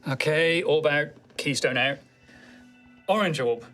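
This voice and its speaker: A man playing a tabletop game, chatting with animated laughter and frequent restarts. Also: fairly high pitch, takes it slowly, faint music behind. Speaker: player. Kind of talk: casual chat at a tabletop game.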